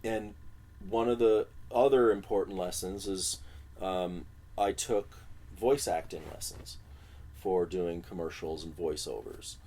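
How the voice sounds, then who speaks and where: A man's voice: low-pitched, a little slow. A man from Illinois, a music producer and guest, telling stories in a casual interview and acting out the quotes in them. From Illinois, USA. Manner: animated storyteller who acts out quotes. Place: recording studio.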